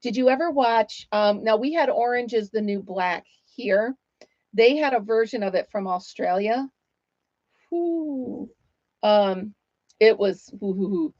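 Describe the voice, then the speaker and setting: A woman's voice: a little high, unhurried, darkish tone, no echo, muffled recording. A woman hosting a casual livestream from home, chatting with viewers while she crochets and laughing often. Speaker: livestream host.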